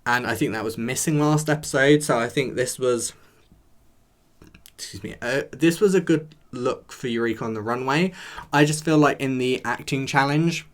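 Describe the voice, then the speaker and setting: A man's voice: mid-range voice, moderate pace. A man reviewing a TV episode in a chatty, rambling way, talking straight to his viewers. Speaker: show reviewer. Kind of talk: casual chat to camera.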